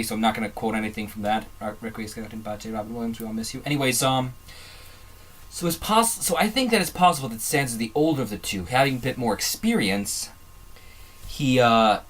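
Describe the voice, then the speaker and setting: Rambling from one aside to the next, a man hosts a casual fan commentary video, repeatedly breaking off his sentences and restarting them. His medium-pitched voice has a slight brightness.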